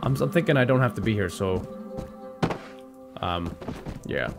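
A man playing a horror game on video, swearing a lot and reacting to every scare with sudden yelps and shouts. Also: expressive, measured pace. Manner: profane and jumpy, with sudden high yelps. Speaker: gaming video host. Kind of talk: let's-play commentary. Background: horror game music.

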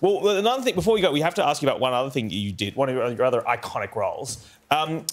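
Brief: man hosting a talk show, fast and playful, very lively pitch. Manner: playful, quick questioning.

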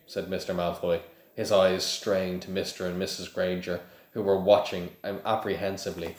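A man reading a novel aloud to his listeners in a plain, steady way, with a few small slips. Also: sits low, normal speed. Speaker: reader of a book to listeners. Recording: echoey room.

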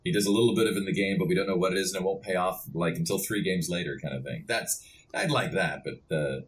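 Low-voiced male voice actor, podcast guest, relaxed storyteller with easy laughs. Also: fast. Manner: laid-back, chuckling storyteller. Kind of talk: casual podcast interview.

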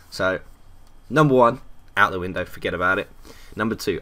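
A man's voice: deep voice, moderate pace, long pauses, bright, forceful tone. A young man commentating a game playthrough, reading chat messages aloud and laughing often. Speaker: gaming video host. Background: keyboard typing clicks.

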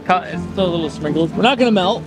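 Upbeat high-voiced man on a boat. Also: animated, quick pace. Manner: enthusiastic, jokey, chatty. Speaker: vlogger, channel host. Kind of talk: casual upbeat vlog chat. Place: outdoors on a boat on a lake. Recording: background music under the voice.

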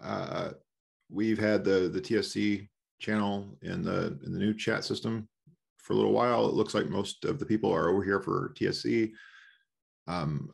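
A man with a very deep voice that is heavily gravelly and husky. He speaks in a matter-of-fact, low-key way, as a participant raising a point in an online meeting. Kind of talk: casual meeting talk.

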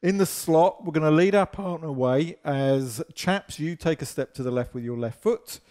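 A man's voice: on the high side, moderate pace, a little mellow. A man teaching a partner dance, explaining steps and counting beats in a chatty, self-deprecating way while losing his voice.

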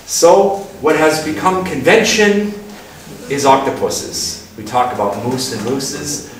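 A man's voice: mid-range voice, slow. A man giving a casual, playful public talk to an audience, joking at his own expense and acting out little exchanges. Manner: playful and self-mocking, acts out little dialogues. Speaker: guest speaker at a talk event. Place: lecture room with an audience. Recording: very echoey room, distant mic, faint hiss.

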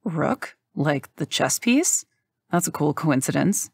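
A woman's voice: low voice, lively intonation, takes it slowly, gravelly, a little mellow, husky, no room sound, exaggerated voice. Woman voicing a smug college guy. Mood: patronizing.

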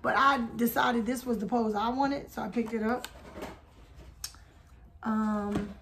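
A woman's voice: on the high side, steady tone, slow, fairly bright tone, a little hiss or hum. Chatty woman showing toys. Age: adult. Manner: chatty, addresses viewers as y'all, hums theme tunes. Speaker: haul video host. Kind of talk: casual haul vlog.

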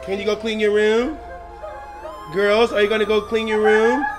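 Man, thirties, loud, dramatic, playful family vlogger, high voice. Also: flat delivery, moderate pace, music in the background. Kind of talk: casual family vlog.

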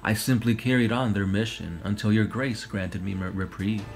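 A man with a low voice reading a weary, dutiful armored soldier who speaks tersely and raspily. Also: steady tone, normal speed, faint music behind. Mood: humble. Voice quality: raspy.

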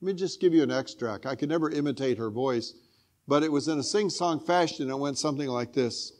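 Older male guest preacher, mid-range voice, earnest storyteller, goes hushed at the moving parts. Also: medium pitch, fairly quick. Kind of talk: sermon.

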